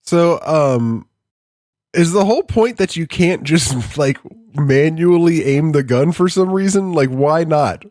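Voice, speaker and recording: A man's voice: fairly high pitch, expressive, slow, a little mellow, no room sound. Man, podcast co-host, thoughtful, analytical, hedging, dry sound. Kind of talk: casual discussion.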